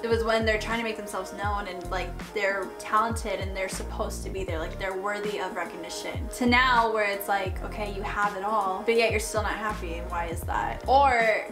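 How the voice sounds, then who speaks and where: A woman's voice: medium pitch, steady tone, normal speed, few pauses. A young woman giving a casual, emotional reaction to music, rambling and trying not to cry. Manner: emotional, rambling, fighting back tears. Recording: roomy echo with music playing behind.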